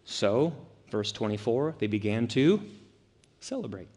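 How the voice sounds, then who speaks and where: A man's voice: lowish voice, sing-song, unhurried, darkish tone. A male pastor preaching a sermon, emphatic and full of rhetorical questions. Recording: echoey hall.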